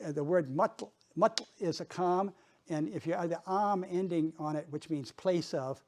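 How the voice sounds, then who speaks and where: Halting older man giving a talk. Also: fairly high pitch. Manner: halting, many restarts and repeated words. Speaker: guest speaker. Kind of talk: informal presentation with audience chat.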